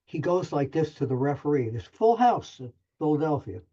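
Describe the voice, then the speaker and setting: A man's voice: fairly high pitch, sing-song, moderate pace, warm tone. An older man, a journalist guest, telling an anecdote in a chatty, self-deprecating way with plenty of restarts. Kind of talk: animated storytelling anecdote. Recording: muffled lo-fi audio.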